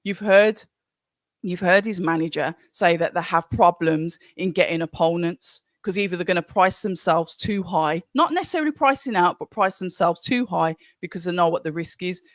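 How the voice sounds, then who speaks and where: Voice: mid-range voice, moderate pace, dry recording, studio quality. Chatty Birmingham-accented stream host. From Birmingham, England. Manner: chatty, rambling, greets viewers by name. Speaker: livestream watch-along host. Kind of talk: casual live commentary and chat reading.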